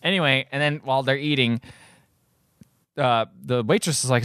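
A man's voice: mid-range voice, moderate pace, no room sound, clean studio sound. A man co-hosting a podcast, casually retelling a film scene by scene and slipping into voices for the characters. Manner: animated storyteller, acts out characters in quoted voices. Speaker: podcast co-host recapping a film. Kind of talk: casual chat.

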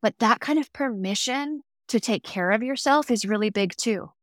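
A woman's voice: fairly high pitch, normal speed, no echo, clean studio sound. A woman speaking as a podcast guest and grief educator, earnest and conversational, often checking in with "right?". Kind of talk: conversational interview.

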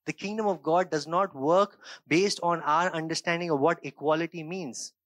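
A man delivers an earnest sermon in a somewhat high voice, dropping into quiet reflective passages before rising into emphatic bursts. He often checks in with his listeners, asking "right?" and "okay?" The sound is dry and close to the mic. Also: fairly even intonation, moderate pace, no room sound. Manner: shifts between quiet reflective stretches and raised emphatic bursts. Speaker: pastor.

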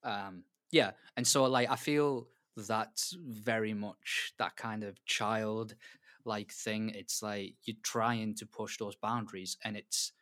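An English man hosting a casual faith discussion, thoughtful and halting with fillers. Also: fairly low pitch, fairly even intonation, a bit bright. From England.

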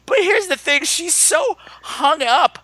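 A man hosting a podcast, riffing on a bad movie in animated, joking banter and telling stories. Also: very high-pitched, takes it slowly, dry recording. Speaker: podcast host. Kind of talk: casual movie-review banter.

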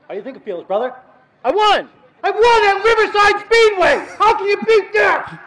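A man who has just won a race, shouting in a pumped-up victory lane interview. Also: very high-pitched, sing-song, moderate pace, low-quality recording. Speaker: race winner. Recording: loud crowd at a speedway.

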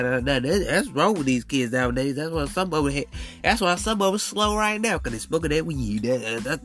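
A man's voice: mid-range voice, pushed and bright. A man hosting a podcast, telling a story in a casual monologue with incredulous, preachy asides to his listeners. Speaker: podcast host.

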